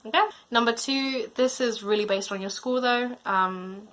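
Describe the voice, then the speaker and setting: A chatty teenage girl, her voice bright and a touch high. She talks in a loose, slangy way, getting louder and then trailing off quietly. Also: measured pace, hardly any pauses. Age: late teens. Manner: chatty, slangy, drifting in and out of loudness. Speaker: student vlogger. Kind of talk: casual vlog advice.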